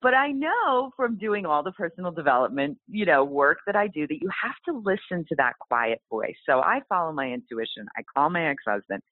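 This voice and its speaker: Woman guest, low voice with big swings, animated storyteller; dry, phone-quality audio. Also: a little fast, few pauses, dry recording. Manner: animated, exclaiming, acts out quoted voices. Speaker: guest author. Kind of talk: storytelling in a podcast interview. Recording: tinny phone-like line.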